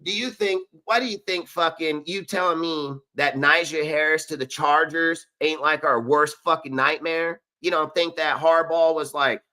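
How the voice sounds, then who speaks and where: A man in full sports-rant mode, swearing constantly and arguing his point with heat. His voice sits fairly high for a man and comes out bright and forceful. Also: normal speed, hardly any pauses. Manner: profane, fired-up, argumentative. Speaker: podcast host. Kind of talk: heated sports talk rant.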